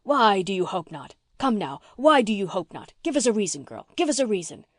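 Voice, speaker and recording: A woman voicing a blustering, gruff old farmer man in an audiobook, bossy and teasing, repeating himself as he talks. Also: medium pitch, sing-song, brisk, dry recording, studio quality. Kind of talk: audiobook reading.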